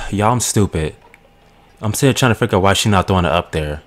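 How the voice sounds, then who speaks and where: Low-voiced excitable gamer man. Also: fairly quick. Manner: excitable, swears a lot, talks to the screen. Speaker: gaming channel host. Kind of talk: let's play commentary. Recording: game music behind the voice. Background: game music.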